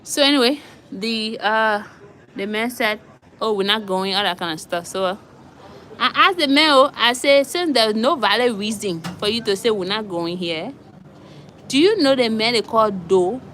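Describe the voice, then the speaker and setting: Woman, bright higher voice, animated storyteller, faint traffic hum behind. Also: moderate pace. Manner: animated, acts out both sides of a traffic stop in Liberian English. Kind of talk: casual storytelling.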